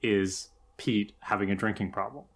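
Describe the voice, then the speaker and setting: A man's voice: fairly low pitch, steady tone, moderate pace, husky. A man co-hosting a podcast, giving thoughtful, analytical commentary on an episode. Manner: thoughtful, analytical, some restarts. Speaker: podcast co-host. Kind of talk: casual critical discussion.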